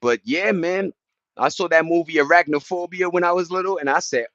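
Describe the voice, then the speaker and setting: A man's voice: on the high side, brisk, dry recording, muffled recording. Rambling New guy on a phone livestream. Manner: loose, rambling, street slang, shouting out viewers by name. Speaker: livestreamer greeting viewers. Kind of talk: casual rambling livestream chat. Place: at home in the countryside, partly outdoors.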